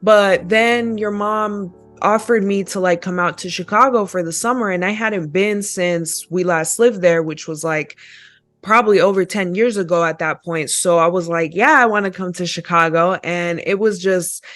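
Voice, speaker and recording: A woman's voice: on the low side, moderate pace, fairly bright tone, faint music behind. A young woman, a podcast guest, reflectively telling her life story in casual chat.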